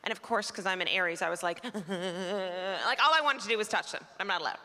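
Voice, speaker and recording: Bright-voiced Canadian woman doing stand-up. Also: medium pitch, a little fast. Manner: chatty, self-deprecating, acts out characters. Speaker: stand-up comedian. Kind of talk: stand-up comedy set. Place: performing arts center stage. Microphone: stage microphone. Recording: live theater with long reverb.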